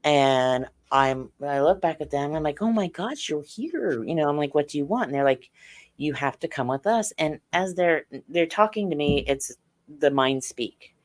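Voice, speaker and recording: A woman's voice: low-pitched, moderate pace. Earnest woman guest, middle-aged. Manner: earnest, recounts experiences in detail. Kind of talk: interview on a podcast.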